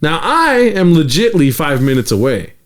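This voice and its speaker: A young man chats loosely as a podcast co-host, cracking jokes and slipping into silly voices. His pitch swings widely, giving a bouncy, animated delivery. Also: moderate pace. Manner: animated, jokey, laughs often, puts on voices. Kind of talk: casual chat.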